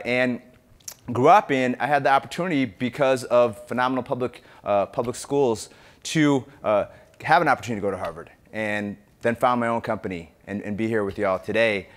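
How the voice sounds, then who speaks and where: A middle-aged man from Ethiopia giving a conference keynote speech, energetic and talking straight to the audience. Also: mid-range voice, normal speed. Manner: energetic, engages the audience directly. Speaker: keynote speaker. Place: conference hall.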